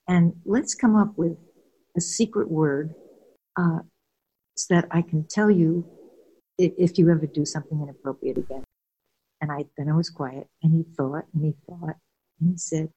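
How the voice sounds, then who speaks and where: A woman's voice: deep voice, steady tone, moderate pace, long pauses, husky, low-quality recording. An older woman, a guest and former caregiver, tells personal stories candidly and earnestly, laughing now and then. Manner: warm, earnest, laughs while telling stories.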